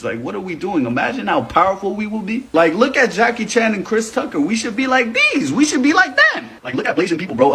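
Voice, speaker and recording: Fast-talking man, joking and rambling. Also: fairly high pitch, slight background noise. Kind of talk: casual commentary to camera.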